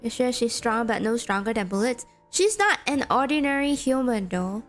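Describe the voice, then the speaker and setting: A woman's voice: fairly high pitch, moderate pace. A woman streamer chatting casually with her viewers while playing a game, rambling and full of "like". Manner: chatty, rambling, reacts to chat with restarts and "like". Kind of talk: casual livestream chat. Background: game music.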